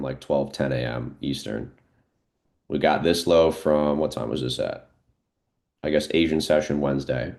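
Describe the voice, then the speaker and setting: A man giving live, unscripted market commentary as a trading streamer, thinking aloud in a relaxed way with frequent fillers. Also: extremely low pitch, gravelly.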